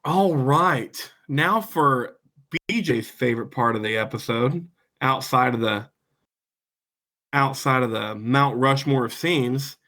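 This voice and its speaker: A man's voice: medium pitch, takes it slowly, pushed and bright. Casual podcast host man, reading trivia. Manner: reads trivia, swears casually. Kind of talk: casual movie podcast chat.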